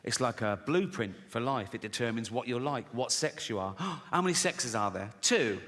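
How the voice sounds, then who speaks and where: A man's voice: medium pitch, animated, normal speed, a bit bright. A middle-aged English man doing stand-up comedy, sardonic and swearing freely, putting on other people's voices as he tells his stories. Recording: faint background noise, live audience laughs.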